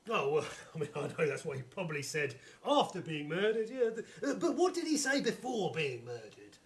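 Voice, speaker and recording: A man's voice: fairly high pitch, very animated, brisk, voice pushed down. A man playing a bumbling pompous inspector. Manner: stagey, flustered, stammering delivery. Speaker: comedy actor. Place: live theatre stage.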